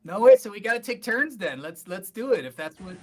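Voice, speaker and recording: A podcast co-host chatting casually, enthusiastic and quick to laugh. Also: medium pitch, very animated. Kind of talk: casual chat.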